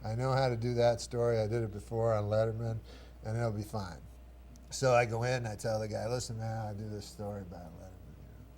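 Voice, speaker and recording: A man in his forties telling a long, rambling anecdote as a talk show guest, deadpan and drawling, sometimes putting on other voices. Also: slight background noise. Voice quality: dry, deadpan storytelling with drawling pauses. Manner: acts out other voices with raised pitch.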